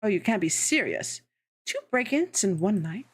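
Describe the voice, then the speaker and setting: A woman's voice: medium pitch, very animated, moderate pace, breathy edge. A woman reading a wary female investigator. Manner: terse, guarded questions. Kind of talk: reading a visual novel aloud.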